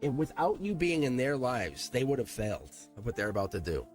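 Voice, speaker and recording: A man's voice: medium pitch, very animated, fairly quick, soft background music. A man hosting a live-streamed tarot reading, speaking earnestly and emphatically and repeating himself for emphasis. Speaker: tarot reader.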